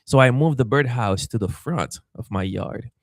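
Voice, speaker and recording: Animated man telling a story. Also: medium pitch, moderate pace, no echo, studio quality. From Haiti. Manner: animated, acts out quoted voices, stammers and repeats. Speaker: pastor. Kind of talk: storytelling in a podcast interview.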